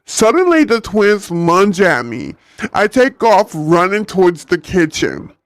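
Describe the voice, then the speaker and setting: A man's voice: high voice, unhurried, no room sound, faint music behind. A man reading a novel aloud on stream, breaking off for chatty, joking asides. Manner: animated, chatty, laughs at own jokes.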